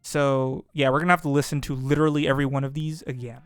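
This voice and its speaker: A man's voice: medium pitch, flat delivery, fast, clear, resonant tone, no room sound. A man hosting a let's play, commenting casually on a puzzle game and thinking aloud in rambling, restarting sentences. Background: background music.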